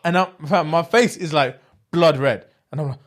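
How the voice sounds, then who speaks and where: A young man, co-hosting a podcast in casual chat, telling a story with lively acted-out voices and frequent laughter. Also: on the high side, normal speed. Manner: animated storyteller acting out voices, laughing often. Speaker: podcast co-host.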